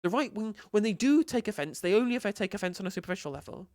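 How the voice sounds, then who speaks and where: A woman streamer commenting live on a clip, animated and incredulous, swearing freely. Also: mid-range voice, rapid-fire, no room sound, clean studio sound.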